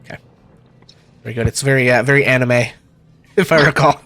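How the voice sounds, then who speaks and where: A man running a tabletop game as game master, talking in a relaxed way with many fillers. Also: mid-range voice, fairly quick.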